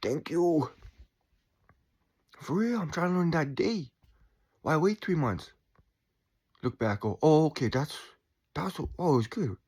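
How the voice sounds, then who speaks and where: A man in his forties talking in a calm, reflective way about staying chill, with sighs and quiet asides. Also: a little high, unhurried, pauses often, husky. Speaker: spiritual vlogger. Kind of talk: casual reflective monologue.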